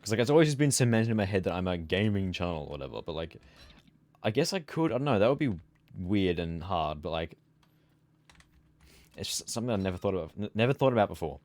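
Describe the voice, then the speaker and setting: A man's voice: deep voice, animated, fast, darkish tone, dry recording. A sleepy young man streaming a game, chatting casually and rambling as he trails off into mumbles. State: sleepy, yawning. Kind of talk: casual gameplay chat.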